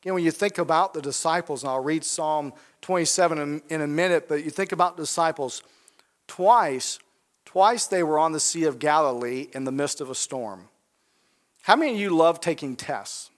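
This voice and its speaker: A man preaches a sermon from the pulpit of a church, speaking a little high in his register. He keeps putting questions to the congregation and circles back over key phrases for emphasis. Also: moderate pace. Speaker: pastor.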